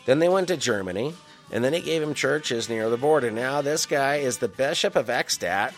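A man's voice: mid-range voice, lively intonation, moderate pace, soft background music. A man reading Bible passages aloud and breaking in with slangy, joking asides. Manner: wisecracking, slangy asides between scripture lines. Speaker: scripture reader and commentator.

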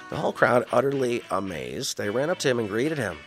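A man's voice: mid-range voice, animated, fairly quick, few pauses, faint music behind. A man reading Bible passages aloud and breaking in with slangy, joking asides. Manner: wisecracking, slangy asides between scripture lines. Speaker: scripture reader and commentator.

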